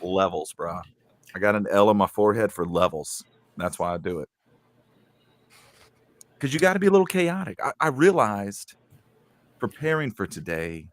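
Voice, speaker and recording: A man's voice: on the low side, no room sound. A man co-hosting a casual podcast chat, telling rambling stories and mimicking coworkers. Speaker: podcast co-host.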